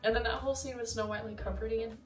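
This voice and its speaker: A young woman vlogger rambles through a casual film review monologue, chatty and full of fillers and side comments. Her voice is on the high side with a steady tone, racing along. She sits a little back from the mic in an echoey room, with faint music underneath.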